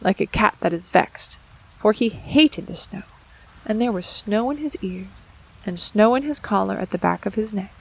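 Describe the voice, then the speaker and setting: A woman narrating a classic children's storybook aloud, expressive and ready to act out voices and sounds. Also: mid-range voice, normal speed, vocal fry, breathy edge, poor audio. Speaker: audiobook narrator. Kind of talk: storybook reading.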